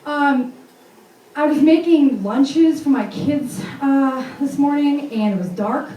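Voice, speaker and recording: Brash self-mocking woman comic, high voice. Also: slow pace, mellow, reverberant, far from the mic, slight background noise, rough recording. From Vermont, USA. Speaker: stand-up comedian. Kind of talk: stand-up comedy set. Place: comedy club stage.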